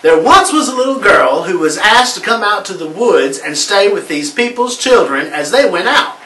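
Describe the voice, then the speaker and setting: A man telling a joke story in a theatrical, animated way, breaking into laughs. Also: sits high, moderate pace. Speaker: joke teller on laughter therapy recording. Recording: roomy sound from a distant mic.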